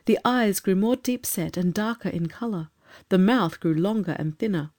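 A woman reading a storybook aloud as narrator, measured and expressive. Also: mid-range voice. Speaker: audiobook narrator.

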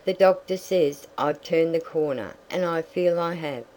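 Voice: medium pitch, a little slow, a little mellow, natural voice, poor audio. A reader doing a stoic, firm farm mother. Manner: firm, stoic, plain-spoken. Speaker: story character. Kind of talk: audiobook reading.

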